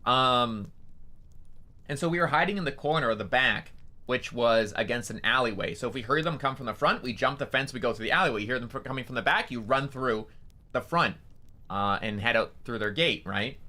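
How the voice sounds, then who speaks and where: A man's voice: mid-range voice, expressive, a little fast, sharp tone. A young man, a streamer, telling a story casually, rambling with lots of fillers and swearing.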